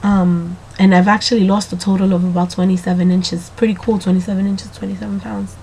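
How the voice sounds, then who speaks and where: A woman keeping a casual video diary, chatty and rambling, talking straight to the viewer, slightly hoarse from allergies. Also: mid-range voice, little pitch movement, a little fast, darkish tone, a little hiss or hum.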